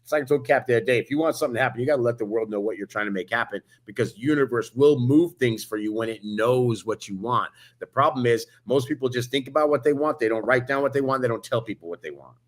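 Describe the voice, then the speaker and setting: A man's voice: mid-range voice, fast talker, hardly any pauses. A man co-hosting a motivational podcast, telling stories with energy and acting out the dialogue. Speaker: podcast co-host. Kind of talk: motivational casual chat. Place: Las Vegas hotel.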